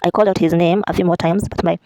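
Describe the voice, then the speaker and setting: A woman reads a memoir aloud at a quick clip, slipping in offhand asides and fixing her own slips as she goes. Her voice is mellow and warm, and the sound is dry and close. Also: on the low side, fairly even intonation, no room sound, low-quality recording. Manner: reads aloud with self-corrections and chatty asides. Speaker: vlogger reading a memoir aloud. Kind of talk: casual read-aloud.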